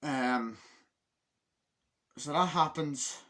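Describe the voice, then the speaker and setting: A man's voice: a little high, extremely slow, fairly bright tone. A man casually reviewing a film in a rambling, filler-heavy way, swearing often and acting out lines from the movie.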